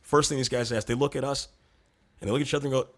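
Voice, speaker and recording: A man in his forties from Ohio, a musician guest telling stories in a casual, animated, chatty way. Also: mid-range voice, very fast. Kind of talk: casual storytelling.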